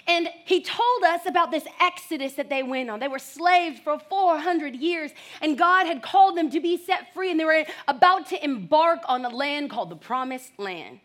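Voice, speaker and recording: A young adult woman delivers a sermon with a high, bright voice. She tells her stories in an animated way and breaks into loud, excited shouts, then comes back down to teach from scripture. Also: normal speed, hardly any pauses. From United States. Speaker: preacher.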